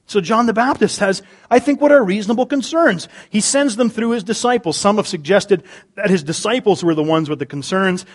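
A middle-aged man preaching a sermon, humorous, swinging between loud emphasis and quiet asides. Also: high-pitched. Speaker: pastor.

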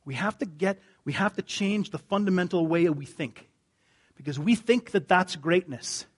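A male pastor giving an earnest, conversational sermon, dropping his voice low for emphasis. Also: moderate pace, slightly rough.

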